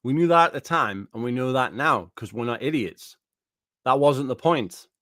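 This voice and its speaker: A man's voice: mid-range voice, expressive, normal speed, a bit bright, no echo, studio quality. A man, a gaming YouTuber ranting angrily and profanely, repeating himself as he reacts to a video. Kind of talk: angry reaction rant.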